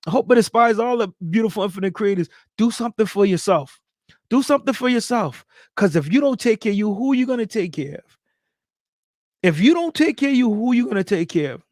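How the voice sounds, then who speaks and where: Hyped male streamer giving shout-outs. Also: sits high, lively intonation, a little fast, dry recording, clean studio sound. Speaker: livestream host. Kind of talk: casual livestream chat reading viewer comments.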